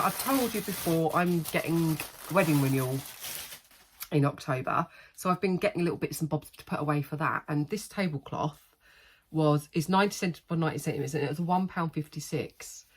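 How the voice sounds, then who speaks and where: Middle-aged woman chatting away in her haul vlog, low voice, rambly and giggly. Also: moderate pace, a little hiss or hum. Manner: chatty and rambling, laughs often. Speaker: haul vlogger.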